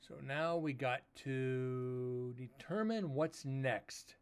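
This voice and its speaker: A man hosting a paranormal livestream, chatting casually and rambling a little, with a loud voice that he says carries far. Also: mid-range voice, takes it slowly, smooth. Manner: rambling, laid-back talk with fillers. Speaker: paranormal investigator host.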